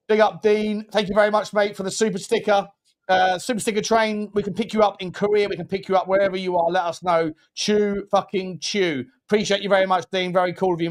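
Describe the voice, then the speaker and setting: Man, football watchalong host, chatty, rambling, slightly high voice. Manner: rambling, restarts phrases, chatty. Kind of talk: casual football watchalong chat.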